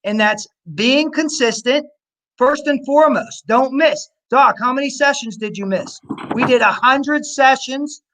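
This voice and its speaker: A man's voice: very high-pitched, measured pace, noisy background. A man, a personal trainer, answering interview questions in a rambling, coach-like way. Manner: rambling, full of fillers and restarts, coach-like encouragement.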